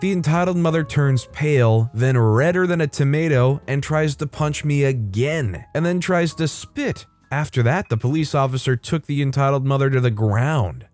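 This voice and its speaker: Man reading stories over soft music. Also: mid-range voice, moderate pace, hardly any pauses. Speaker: story narrator.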